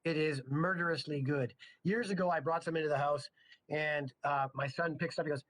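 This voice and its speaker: A man's voice: fairly high pitch, fairly even intonation, fairly quick, a bit bright, a little hiss or hum. A middle-aged man teaching a chemistry class in a casual, joking way, full of chatty asides. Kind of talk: casual lecture.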